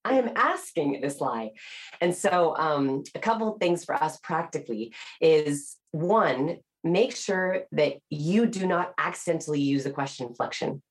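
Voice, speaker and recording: A woman author being interviewed on a podcast, explaining research with lively emphasis and acted-out example voices. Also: low voice, a little slow. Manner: animated explainer, acts out quoted voices with rising inflection. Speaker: author and body language researcher.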